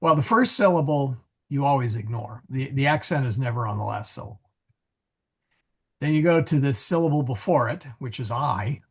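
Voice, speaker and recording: A man with a gravelly, husky voice teaches Latin to a small group over a video call. He explains patiently and often corrects himself along the way. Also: mid-range voice, animated, normal speed. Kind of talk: casual online class.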